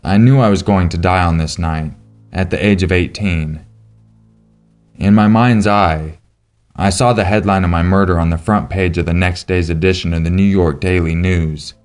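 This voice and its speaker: Deep-voiced man narrating a dark true story. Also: fairly even intonation, moderate pace, faint music behind.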